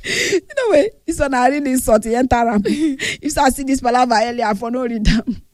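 A woman radio host with a Nigerian accent, teasing and laughing loudly as she reads out listener messages in lively banter. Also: high-pitched, fairly quick, dry recording, clean studio sound. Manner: laughing, teasing, loud and animated. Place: radio studio.

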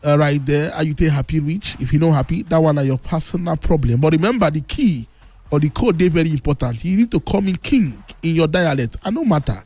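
Boastful Nigerian Pidgin radio host. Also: male voice, fairly high pitch, lively intonation, a little fast, husky, no room sound. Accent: Nigerian Pidgin English. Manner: boastful, teasing, bursts into shouting. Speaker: radio sports show host. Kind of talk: lively call-in football talk.

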